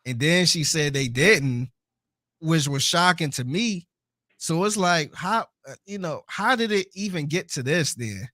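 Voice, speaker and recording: A man's voice: a little high, lively intonation, a little slow, bright, forceful tone, dry recording, studio quality. A man co-hosting a podcast in casual chat, telling his view animatedly with laughs between points. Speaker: podcast co-host.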